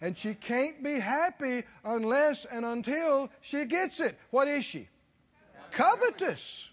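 High, lively preacher man. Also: slow pace, big-room sound. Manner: folksy, call-and-response, chuckling. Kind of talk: sermon. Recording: dull lo-fi recording.

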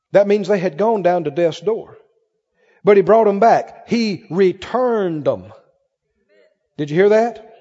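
A man's voice: high-pitched, lively intonation, slow, pauses often, dark tone, long reverb tail, highs cut off. A man preaching a sermon to a congregation, reading scripture aloud with rising, fervent emphasis and asking the crowd questions. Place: church with congregation.

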